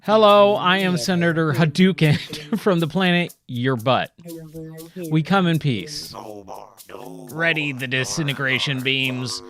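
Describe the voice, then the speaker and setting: A man's voice: a little high, animated, measured pace, fairly bright tone. A man voicing a pompous male alien senator in a game, declaiming grandly.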